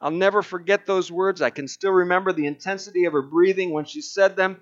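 A man's voice: high voice, fairly even intonation, fairly quick. A man preaching a sermon who reads aloud earnestly and emphatically, with fillers and restarts. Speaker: pastor. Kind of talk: sermon with reading aloud from a book. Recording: dull lo-fi recording.

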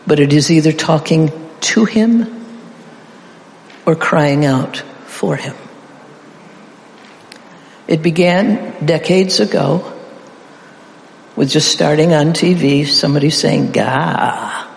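A preacher delivering a slow, deliberate sermon with a gravelly edge, drawing the congregation in with call-and-response. The voice carries long reverb from a big church hall. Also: medium pitch, slight background noise. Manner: dramatic pauses and emphasis.

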